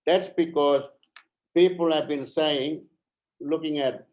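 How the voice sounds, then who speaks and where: A middle-aged man from Arnhem Land speaking at an online forum as a member of parliament, halting and earnest, repeating phrases, a little out of breath. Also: fairly high pitch, steady tone, a little mellow, low-quality recording. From Arnhem Land, Australia.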